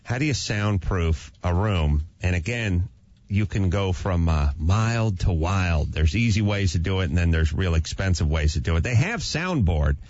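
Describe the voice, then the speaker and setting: A man's voice: low-pitched, animated, normal speed, darkish tone, dry recording. A man hosting a casual radio talk show, riffing on crude jokes between home-improvement advice. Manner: joking, riffs on crude gags. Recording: dull lo-fi radio sound.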